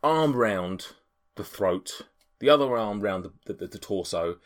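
A man's voice: lowish voice, expressive, unhurried. A man running a tabletop game as game master, narrating with many restarts and qualifiers. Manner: hesitant, full of restarts and qualifiers.

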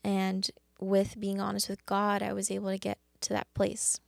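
Woman, devotional podcast host, earnest, halting, gravelly fry, dry close sound. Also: medium pitch, completely flat delivery, no room sound. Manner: earnest, halting, with many restarts. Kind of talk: faith devotional talk.

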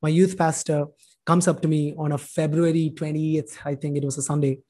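A man's voice: on the high side, flat delivery, normal speed, mellow. A man in his thirties from India, telling his life testimony with emotion and acting out dialogue. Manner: emotional storytelling, acts out dialogue. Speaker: speaker sharing testimony. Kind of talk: personal testimony talk.

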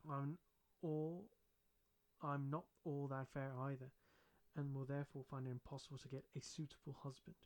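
Storybook reader: man voicing shy young woman student, gentle and wry, even-paced. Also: mid-range voice, normal speed, natural voice.

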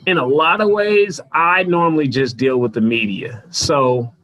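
A man being interviewed as a guest, telling casual stories and acting out the people he quotes in a higher, louder voice. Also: measured pace, muffled recording. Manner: animated storyteller, jumps higher and louder when quoting people. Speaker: guest, sports PR consultant.

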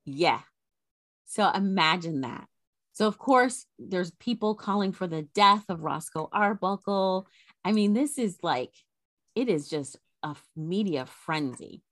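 Chatty woman podcaster, dry lowish voice. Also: measured pace, no room sound. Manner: animated retelling of a scandal, chatty asides. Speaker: podcast co-host. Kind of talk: casual history storytelling.

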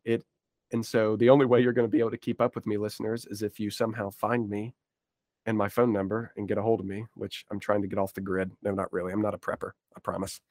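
Speaking fast in a low-ish, level, slightly mellow voice, this man co-hosts a podcast and chats casually, dropping self-deprecating jokes. The recording is studio quality with no room sound.

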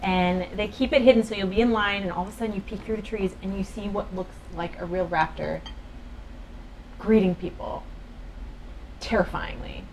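A woman in casual podcast chat, animated and swearing freely, telling stories with lots of fillers. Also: mid-range voice, fast talker, hardly any pauses, slight background noise, rough recording.

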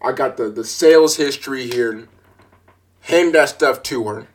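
A man telling a frustrating story in a casual rant, swearing freely and repeating himself as his anger builds into shouting. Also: medium pitch, a little slow. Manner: repeats words and restarts while recalling.

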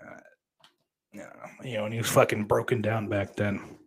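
A man's voice: fairly low pitch, level tone, normal speed, husky. A man chatting casually on a live stream, reading chat messages and answering with rambling, profane, sarcastic remarks.

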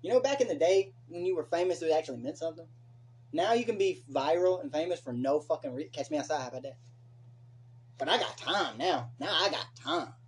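A young man hosting a casual late-night podcast, ranting profanely with animated opinions. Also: fairly high pitch, a little fast, a little hiss or hum. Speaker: podcast host.

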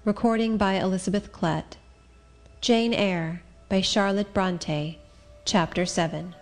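A woman narrating an audiobook in a clear, measured, literary manner. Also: mid-range voice, faint music behind. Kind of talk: scripted narration.

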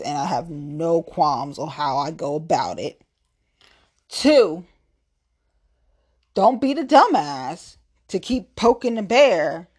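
A woman's voice: lowish voice, darkish tone, slightly rough. Profane, tipsy woman ranting on a podcast. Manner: profane, threatening, blunt. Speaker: podcast host. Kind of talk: angry solo podcast rant.

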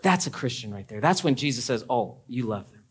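A man's voice: mid-range voice, lively intonation, fairly quick, breathy edge. A young adult man preaching a sermon as a pastor, talking conversationally and swinging into emphatic, climbing peaks.

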